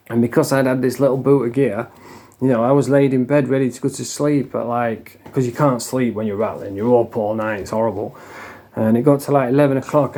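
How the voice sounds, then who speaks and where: A man's voice: medium pitch, dark tone. A man telling stories in a blunt, casual way, with lots of swearing and a laugh now and then. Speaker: storyteller. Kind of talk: casual storytelling.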